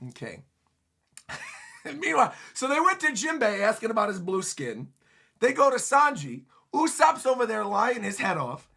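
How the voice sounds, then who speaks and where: A man livestreaming his reaction to a manga chapter, giving excitable, animated commentary into a desk microphone. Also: sits high, normal speed, creaky.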